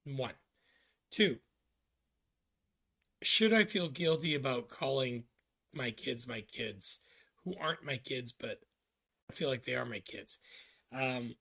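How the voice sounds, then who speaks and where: Gravelly, raspy man musing aloud. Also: mid-range voice, expressive, pushed and bright. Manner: halting, reflective, many ums and restarts. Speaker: vlogger. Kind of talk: casual personal vlog monologue.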